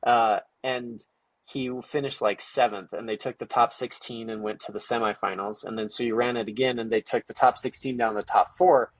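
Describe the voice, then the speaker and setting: A man telling stories casually in an interview, lively and acting out quoted dialogue with lots of "like" fillers. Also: mid-range voice, moderate pace, no echo. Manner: animated, acts out quoted dialogue with many "like" fillers. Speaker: guest, parent of a young ninja athlete. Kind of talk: casual storytelling conversation.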